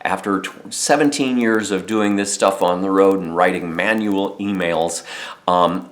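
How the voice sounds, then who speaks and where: A man giving a casual monthly video update as a solo theatre performer, chatty and rambling with many fillers and restarts. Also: fairly low pitch. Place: home in Chicago.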